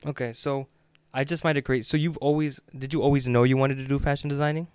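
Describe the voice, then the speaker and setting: A man's voice: medium pitch, steady tone, quick pace, darkish tone, smooth, no room sound. A man hosting a podcast, asking questions in a casual, hesitant way with many fillers. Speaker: podcast host. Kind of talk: casual interview.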